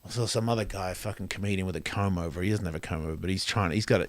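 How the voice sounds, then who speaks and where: A man doing a profane stand-up rant, swinging between loud outbursts and quiet asides. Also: low-pitched, fairly even intonation, rapid-fire. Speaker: comedian.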